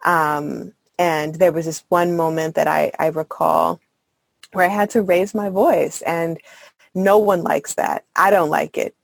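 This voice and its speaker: A woman's voice: on the low side, fairly even intonation, unhurried, vocal fry, no echo. A woman in her thirties, a mother, speaking earnestly and candidly as a podcast guest in casual conversation. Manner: earnest, candid, many fillers and soft laughs.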